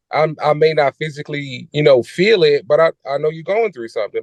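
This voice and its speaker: A man's voice: fairly high pitch, animated, brisk, hardly any pauses, no room sound, rough recording. Reassuring young man, dry close sound. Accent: Philadelphia. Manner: casual, reassuring, plain-spoken. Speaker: guest, son. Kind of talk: interview talk.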